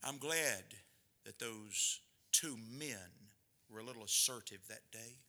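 A middle-aged man preaching a sermon, swinging between loud bursts and quiet asides. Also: fairly low pitch, takes it slowly. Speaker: pastor.

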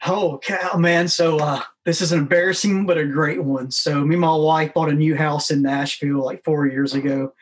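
A man's voice: on the high side, fairly even intonation, normal speed, few pauses. A man in casual chat, easygoing and self-deprecating.

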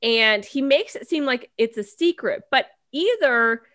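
A woman's voice: sits high, animated, measured pace, fairly bright tone, no room sound, studio quality. A woman hosting an advice podcast, talking in a chatty, rambling way with lots of fillers. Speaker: podcast host reading advice letters. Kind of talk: casual chat.

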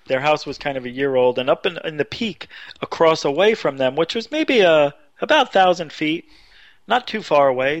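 Animated man telling a story. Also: no echo. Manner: animated storyteller, rising pitch when excited. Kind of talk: casual storytelling on radio. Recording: dull lo-fi radio audio.

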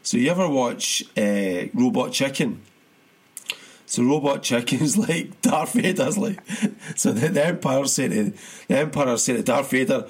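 A man's voice: medium pitch, expressive, measured pace, breathy edge. A man chatting casually about football as a podcast co-host, rambling with many restarts and laughs.

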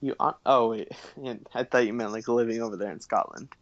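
A man's voice: medium pitch, brisk, dry recording. Young man, podcast co-host, rambling, laughs a lot, dull tone. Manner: rambling, laughs often, lots of fillers. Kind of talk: casual chat.

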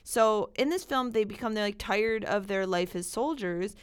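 A woman's voice: medium pitch, moderate pace, clear, resonant tone. A woman co-hosting a podcast, chatting casually about movies and laughing often. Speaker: podcast co-host.

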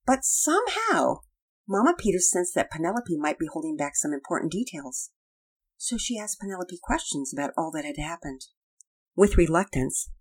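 A woman reading a children's story aloud with expressive, plain storytelling. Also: sits low, husky, low-quality recording. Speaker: narrator.

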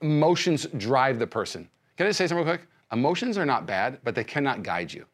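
A male pastor giving a sermon, speaking conversationally with many restarts and swinging between loud emphasis and soft hushed lines. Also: medium pitch, big pitch swings, fast. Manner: frequent fillers and restarts, conversational preaching.

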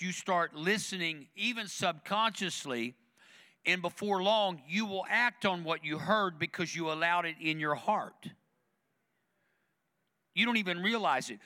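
A man's voice: high-pitched, bright, forceful tone, in a large hall. A man preaching a sermon as pastor, conversational and emphatic, driving points home through repetition. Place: church sanctuary.

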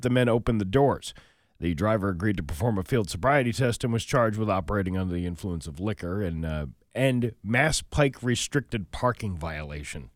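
New dude reading weird news, goofy, voice jumps around, dry mic. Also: male voice, on the low side, no room sound. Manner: jokey, breaks into mock-outraged rants and silly voices. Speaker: radio show host reading news stories. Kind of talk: comedic news banter.

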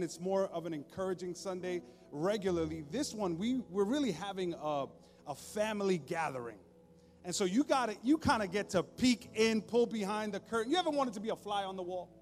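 A man preaching a sermon as pastor, conversational and joking, at times dropping to a soft, intimate tone. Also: high-pitched. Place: church stage. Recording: long hall reverb, faint music behind.

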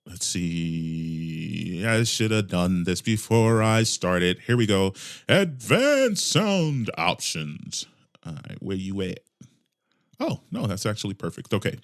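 A man's voice: sits low, big pitch swings, slow. A man hosting his own podcast alone, talking casually in a rambling, jokey and profane way into a desk mic. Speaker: podcast host. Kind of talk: casual solo podcast monologue. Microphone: desk microphone with headphones.

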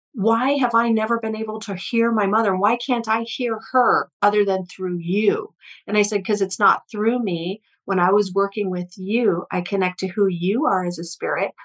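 A woman's voice: medium pitch, steady tone, normal speed, poor audio. Earnest storytelling woman healer. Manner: earnest, storytelling, repeats words when starting sentences. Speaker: energy healer guest. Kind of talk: conversational interview.

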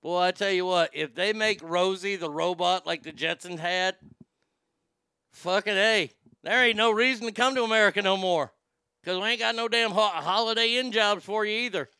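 A man's voice: sits high, normal speed, pushed and bright, smooth, dry recording. A man hosting a comedy show, delivering a crude, rambling monologue. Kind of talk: stand-up style comic monologue.

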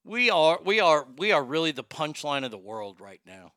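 Loud profane man with a bright voice. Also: a little high, moderate pace, no echo, clean studio sound. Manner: loud, profane, excitable, laughs at own jokes. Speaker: show host. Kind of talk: crude comedic talk show rant.

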